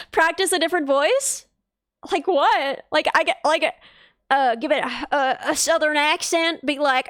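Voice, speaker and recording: Giggly high-voiced young woman streamer. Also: sing-song, a little slow, fairly bright tone, no room sound, studio quality. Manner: giggly, rambling, self-mocking. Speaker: VTuber streamer. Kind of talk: casual live-stream chat.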